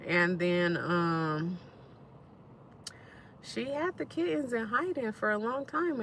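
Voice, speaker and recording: A woman, telling stories in a relaxed way as she chats to viewers on a live stream. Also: mid-range voice, a little hiss or hum. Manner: relaxed storytelling, talks straight to viewers. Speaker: livestream host. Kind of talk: casual live-stream chat while eating.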